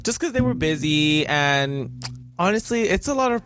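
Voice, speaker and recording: A young man co-hosting a podcast in casual chat, relaxed and quick to react. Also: on the high side, no room sound, clean studio sound. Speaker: podcast co-host.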